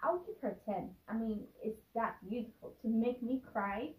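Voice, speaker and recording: A woman's voice: on the high side, animated, moderate pace, distant mic, phone-quality sound. A woman hosting a reaction vlog, emotional and gushing, tearful as she talks. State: teary, crying. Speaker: reaction video host. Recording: echoey room, voice from off the mic.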